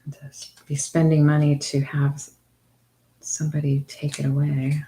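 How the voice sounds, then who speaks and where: A woman's voice: low voice, completely flat delivery, moderate pace, dark tone. A middle-aged woman casually chatting with viewers while crafting at home, meandering and answering comments. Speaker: craft livestream host.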